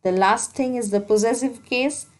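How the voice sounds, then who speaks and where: A female English teacher, speaking at a moderate pace in a slightly high, darkish voice, walks students through exam grammar step by step, stressing key points more than once. The recording is rough.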